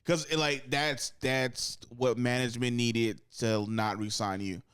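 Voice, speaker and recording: A young man talks sports on a podcast in a smooth, clear voice. He is close to the mic in a dry room. He rambles, swears freely and jumps higher when he acts out what others said. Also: steady tone, a little slow, a bit bright, no echo. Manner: rambling, profane, acts out quotes with sudden high-pitched bursts. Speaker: podcast co-host. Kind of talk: casual sports chat.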